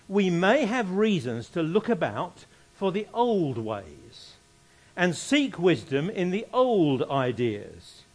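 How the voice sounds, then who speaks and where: A male preacher delivering a sermon in a fairly high, very animated voice. He leans hard on repeated phrases and reads scripture with rising emphasis. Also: slightly rough.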